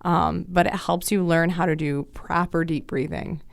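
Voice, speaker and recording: A woman's voice: lowish voice, fairly even intonation, normal speed, gravelly, dry recording. A woman who works as a child and adolescent counselor, chatting casually in a podcast interview and explaining things with everyday examples.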